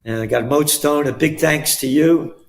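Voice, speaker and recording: A man's voice: fairly high pitch, normal speed, creaky. An older man from the Bronx with a New York accent, guest-hosting a talk show in a blunt, rambling, emphatic way. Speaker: guest host. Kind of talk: casual talk show chat.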